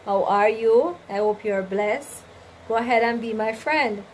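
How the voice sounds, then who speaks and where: A woman's voice: fairly high pitch, a little slow, a little hiss or hum, low-quality recording. A woman hosting a casual livestream chat, reading out viewer comments and giving faith-filled advice, often asking "you understand?". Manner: preachy, faith-driven advice with repeated "you understand?" and "right?". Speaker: livestream host.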